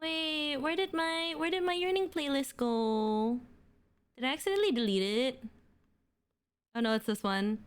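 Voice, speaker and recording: A woman's voice: high voice, expressive, normal speed, long pauses, clean tone. A young adult woman livestreaming, chatting casually and gushing to her viewers, full of fillers. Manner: bubbly, gushing, filler-heavy. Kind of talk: casual stream chat with viewers.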